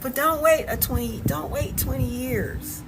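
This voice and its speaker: A woman's voice: high voice, unhurried, very noisy. A middle-aged woman with a Southern US accent talking casually on a phone livestream, emphatic and repeating words, often asking "okay?". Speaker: vlogger and relocation coach. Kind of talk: casual livestream talk to viewers.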